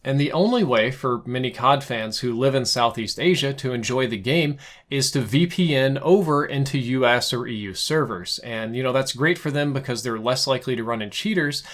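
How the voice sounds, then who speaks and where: Man, gaming commentary, medium pitch, chatty, opinionated. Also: moderate pace, fairly bright tone. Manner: opinionated, conversational, with restarts. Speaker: gaming YouTuber. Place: home setup, in America.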